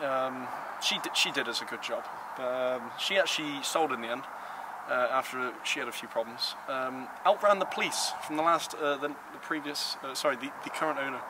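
A man's voice: mid-range voice, moderate pace. A man presenting cars in a casual, enthusiastic vlog walkaround, talking emphatically and playfully. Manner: playful, emphatic, lively rises on praise. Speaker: car vlogger presenting cars. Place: outdoors beside parked cars. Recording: outdoor street noise behind.

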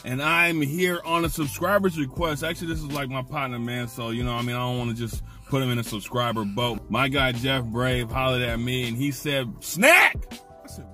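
A man's voice: medium pitch, a bit bright. A man hosting a casual food review vlog, chatty and slangy, from a parked car. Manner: slangy, laid-back, chatty. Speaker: food reviewer, channel host.

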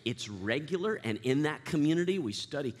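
A man who is lead pastor, preaching a lively, self-deprecating sermon and leading the congregation in call-and-response. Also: fairly high pitch, fairly quick. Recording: reverberant church sanctuary.

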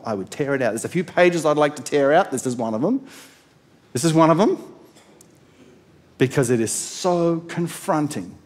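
A male pastor giving a sermon, retelling scripture in an animated storytelling way. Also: medium pitch.

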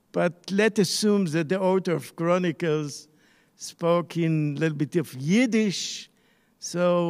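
A man lecturing on the Bible, slow and searching, pausing and restarting as he thinks. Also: high voice, long reverb tail. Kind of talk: online lecture.

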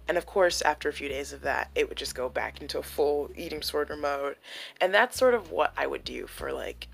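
A woman's voice: deep voice, brisk, vocal fry, husky. A young woman talking candidly and emotionally in a personal vlog, with many "like" fillers. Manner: emotional, confessional, full of "like" fillers. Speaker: vlogger.

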